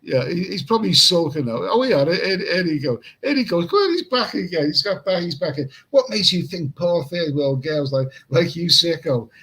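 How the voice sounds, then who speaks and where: A man's voice: on the high side, animated, normal speed, hardly any pauses, a bit bright, slightly rough, low-quality recording. A man hosting a late-night livestream and reading chat comments in a casual, rambling way. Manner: rambling, repeats himself, chuckles at chat comments. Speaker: livestream host. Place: room in Pattaya at night.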